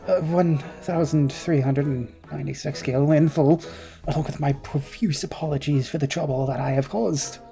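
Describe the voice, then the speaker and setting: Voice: mid-range voice, moderate pace, gravelly, dark tone, faint music behind, close to an everyday voice. Sven, a flustered apologetic young man, as a gamer reads him. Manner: stammering, formal, old-fashioned speech. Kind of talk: voice-acted game dialogue reading.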